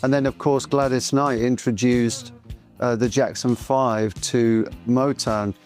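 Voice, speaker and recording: A man's voice: mid-range voice, steady tone, measured pace, darkish tone, soft background music. A man in his sixties, a pop singer, chatting as a guest and telling stories with a wry, teasing edge. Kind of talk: casual chat.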